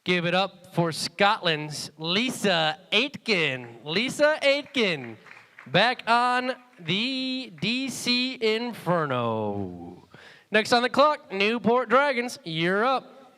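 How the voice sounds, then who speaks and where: A man calls out draft picks in a high, bright voice that is very clear and clean. He takes his time, drawing out each announcement to build hype. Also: sing-song, slow.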